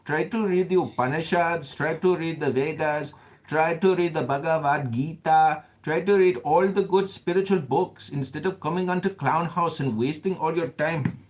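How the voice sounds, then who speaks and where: A man's voice: on the high side, moderate pace, a little hiss or hum. A man interrupting an online chat room to deliver an earnest, preachy spiritual monologue.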